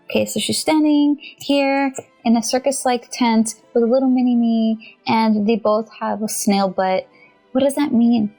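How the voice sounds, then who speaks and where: A young woman walks viewers through tarot cards in a loose, giggly, talk-to-the-camera way. Her voice sits on the higher side with a gravelly fry at the ends of phrases. Faint music runs quietly underneath. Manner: chatty, giggly, animated, talks to viewers directly. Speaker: tarot reader and channel host. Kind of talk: casual tarot tutorial.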